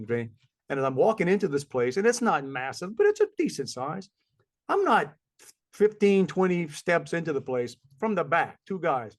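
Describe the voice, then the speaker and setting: A man's voice: a little high, expressive, moderate pace. A middle-aged man, chatting casually as a podcast co-host and rambling through stories. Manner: rambling storyteller, acts out voices of people he met. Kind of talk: casual chat.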